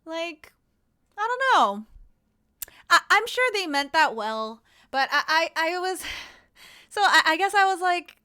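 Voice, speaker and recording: A young woman streamer chatting casually with her viewers, rambling and quick to laugh. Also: very high-pitched, big pitch swings, sharp tone.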